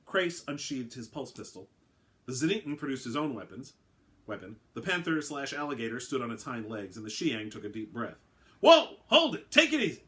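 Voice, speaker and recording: A man reading his own science-fiction story aloud, with a wry, brisk delivery. His pitch moves around in a lively way. The narration is mid-pitched and conversational.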